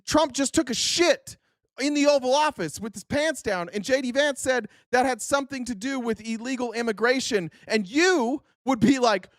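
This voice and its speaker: A man's voice: extremely high pitch, moderate pace, fairly bright tone, no room sound, clean studio sound. Profane, heated man ranting on stream. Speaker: political commentary streamer. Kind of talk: live-stream commentary reacting to clips.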